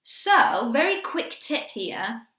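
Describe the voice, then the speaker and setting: Bright-voiced woman vocal coach, echoey room. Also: fairly high pitch, very animated, takes it slowly. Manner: chatty, encouraging, demonstrates by singing. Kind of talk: quick singing lesson with sung demonstrations.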